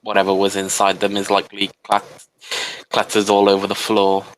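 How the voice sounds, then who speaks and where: A man's voice: lowish voice, monotone, moderate pace, slight background noise, low-quality recording. A man running a tabletop game as game master, describing scenes with frequent restarts.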